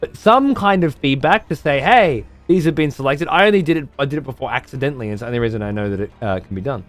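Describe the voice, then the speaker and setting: A man's voice: medium pitch, very fast, a bit bright, faint music behind. A man casually commentating on a strategy game while streaming, chatty and swearing freely as he mutters to himself.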